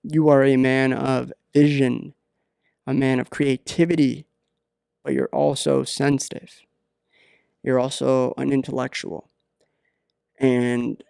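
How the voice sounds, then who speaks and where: A man hosting a podcast, giving rambling deadpan comedic advice with many halting fillers. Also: medium pitch, creaky, clear, resonant tone, dry recording, clean studio sound. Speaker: podcast host.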